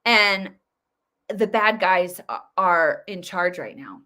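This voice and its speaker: A woman's voice: fairly low pitch, lively intonation, takes it slowly, pushed and bright. A woman hosting a casual political commentary show, talking in a chatty, opinionated way with many fillers and restarts. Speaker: host.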